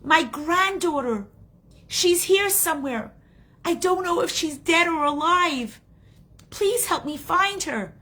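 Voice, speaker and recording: A woman voicing a frantic, grieving old grandfather who is a goldsmith, in a quiet, tearful, pleading way. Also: extremely high pitch, animated, slow pace, voice pushed up, exaggerated voice.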